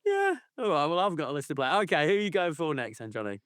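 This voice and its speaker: Animated, sweary man ranting. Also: fairly high pitch, fast talker, clean tone, dry recording, studio quality. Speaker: podcast co-host. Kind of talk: casual football chat.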